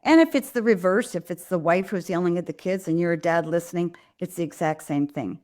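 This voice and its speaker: A woman's voice: lowish voice, fairly quick, darkish tone. A woman hosting a live Q&A, answering viewers' parenting questions in an earnest, direct way with frequent ums and restarts. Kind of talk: live Q&A advice talk.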